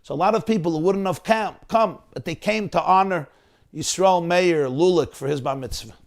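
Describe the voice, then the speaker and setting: Gravelly rabbi telling a story. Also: male voice, high voice, moderate pace. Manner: animated storyteller, acting out quotes. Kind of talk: sermon storytelling. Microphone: video call.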